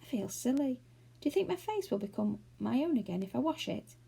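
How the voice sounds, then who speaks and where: A woman's voice: on the high side, sing-song, a little fast, vocal fry, dark tone, slightly rough, pitched above the performer's own voice, full character voice. A woman voicing a sad, hesitant old man turned into a toy rabbit in a storybook.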